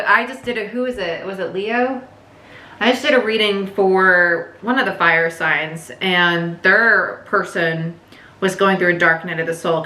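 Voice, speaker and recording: Bright-voiced woman reading tarot. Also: mid-range voice, reverberant. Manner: chatty, candid, swears casually. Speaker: tarot reader.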